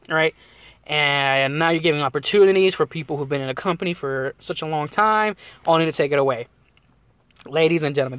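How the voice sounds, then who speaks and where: Guy hosting a podcast, kinda high voice, rambly and laughing a lot, dry close sound. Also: no room sound. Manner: rambling, animated, laughs often. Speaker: podcast host. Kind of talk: casual wrestling chat.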